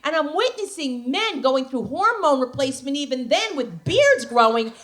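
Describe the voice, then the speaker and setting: A woman comedian from New Jersey telling brash, animated stand-up stories on a comedy club stage. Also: high-pitched, normal speed. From New Jersey, USA. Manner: brash, animated storytelling with put-on voices.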